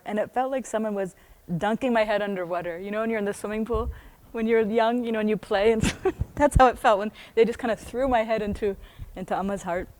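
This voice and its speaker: A woman from the United States reads from her own book to a small group, then drifts into casual asides. Her delivery is animated and she laughs often. She talks at an ordinary middle pitch. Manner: animated, laughs often, breaks off into chatty tangents. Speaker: book club host reading her own book aloud. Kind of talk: reading aloud with casual asides.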